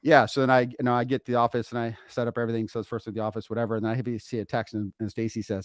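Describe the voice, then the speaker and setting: Laughing, animated storytelling dad. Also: male voice, medium pitch, racing, hardly any pauses, no echo, clean studio sound. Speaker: podcast co-host, father. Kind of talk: casual storytelling chat.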